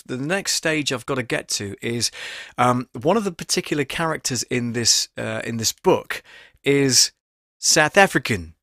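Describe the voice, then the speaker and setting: A man talks in a chatty, animated way, like a voice actor teaching on his live stream. His voice sits at an ordinary middle pitch. It is recorded close on a studio mic in a dry booth. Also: dry recording. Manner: chatty and animated, with many fillers. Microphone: studio microphone at close range.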